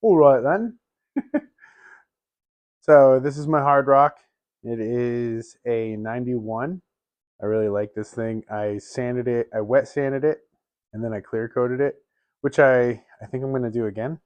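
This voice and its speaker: A man in a home garage chats about his bikes, wandering off topic and laughing at himself. His voice sits at an everyday middle pitch. The sound is dry and close. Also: steady tone, measured pace, clear, resonant tone, no room sound, lo-fi sound. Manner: rambling, laughs often, chatty asides. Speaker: bike vlogger. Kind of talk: casual garage vlog.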